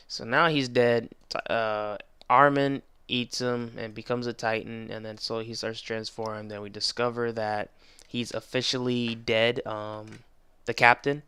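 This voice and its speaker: A young man giving a casual anime episode review, excitable and rambling, full of slang and restarts. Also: mid-range voice, normal speed, creaky, clean tone, no room sound.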